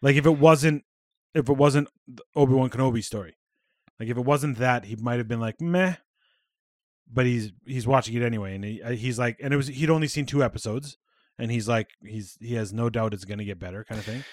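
A man's voice: medium pitch, fairly even intonation, quick pace, no echo, studio quality. A man co-hosting a podcast in casual chat, rambling and swearing freely. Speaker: podcast co-host.

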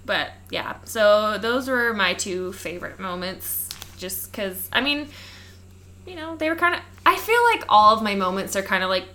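A woman co-host chatting casually on a podcast, her voice bright and forward. She talks loosely, leaning on "like" as she goes. She laughs often as she chats. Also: mid-range voice, animated, normal speed. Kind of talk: casual chat.

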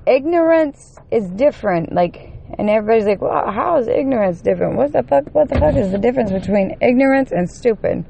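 A woman in the middle of a furious vlog rant, cursing in almost every line and pushing her voice up into shouts at the worst of it. She is running on one hour of sleep, so a worn, tired edge sits under the anger. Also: mid-range voice, vocal fry, a little hiss or hum. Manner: heated, swearing constantly, rising to shouts. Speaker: vlogger. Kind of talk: angry profane rant to camera.

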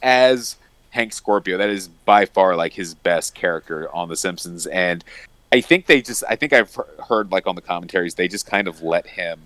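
A man's voice: deep voice, moderate pace, a bit bright, no echo. A young man co-hosting a casual podcast chat, enthusiastic and laughing often as he recounts favourite scenes. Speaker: podcast co-host.

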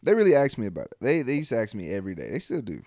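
A man's voice: mid-range voice, huge pitch swings, racing, a little mellow, no room sound. Laid-back soldier man, dry sound. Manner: loose, profane, trailing off into mumbles. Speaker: army soldier. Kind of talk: casual chat.

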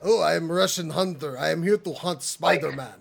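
A podcast host voicing a boastful male Russian hunter villain in a mock Russian accent and broken English, a bit lower than their own voice. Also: fairly quick, gravelly, crowd noise. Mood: menacing.

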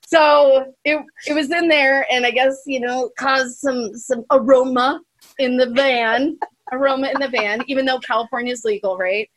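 Lively swearing woman telling a story. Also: high-pitched, moderate pace, dry recording. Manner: animated, swearing, laughing through the story. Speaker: guest musician. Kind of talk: casual storytelling chat.

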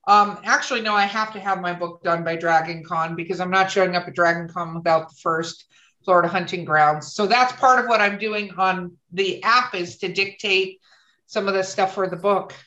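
A woman chatting casually on a podcast with dark humor, laughing often. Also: on the low side, normal speed, muffled recording. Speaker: podcast guest author. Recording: roomy echo.

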